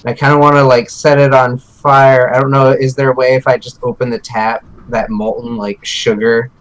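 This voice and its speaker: A man's voice: mid-range voice, level tone, moderate pace, poor audio. A man playing a tabletop role-playing game, chatting casually with frequent fillers. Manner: casual, laughing, filler-heavy. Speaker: player.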